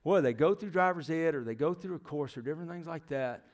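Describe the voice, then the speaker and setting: A fast-talking preacher in middle age, his voice slightly high, quizzes the congregation throughout his sermon and regularly drops nearly to a whisper. His background includes youth ministry and missionary work.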